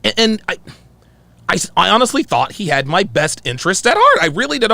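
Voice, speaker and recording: A man hosting his channel, telling a heated story in a profane, animated reaction monologue and acting out his phone calls. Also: high voice, fairly quick, gravelly, no room sound. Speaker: channel host.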